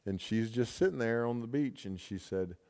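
A man's voice: medium pitch, moderate pace, darkish tone. A male American pastor telling a story in a casual, rambling sermon full of fillers and restarts. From United States. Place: large hall at a camp session. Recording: long hall reverb.

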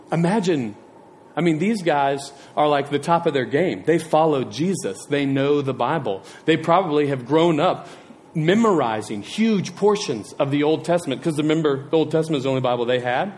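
A man's voice: on the high side, moderate pace, slight background noise. A male preacher giving a casual sermon, chatty and rambling, with self-deprecating digressions and questions to the congregation. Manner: chatty, asks the audience questions.

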